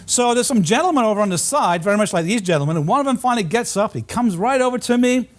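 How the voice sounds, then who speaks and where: A male professor lecturing in a hall, his voice sitting high and swinging widely in pitch. He tells travel stories over slides in an animated, storytelling way. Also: fast talker. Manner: animated anecdotes with audience laughter. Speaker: college geography professor giving a lecture.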